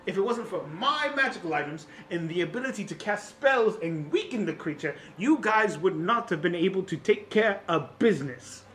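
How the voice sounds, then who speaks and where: Brief: man doing a bragging fire genasi shopkeep-inventor, raised pitch, bright, salesman bluster. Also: lively intonation, moderate pace, few pauses, soft background music. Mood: boastful. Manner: grandiose salesman pitch, self-praising.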